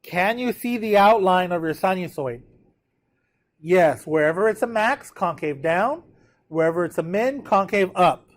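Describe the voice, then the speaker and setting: Animated and unhurried, a high-pitched man teaches a math class while sounding tired. Standing at the whiteboard in a live lecture, he takes students through a graph and checks in with them often.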